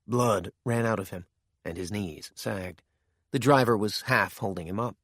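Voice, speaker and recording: A man narrating a thriller audiobook in a measured, steady way, recorded on a close studio mic. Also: on the low side, no room sound.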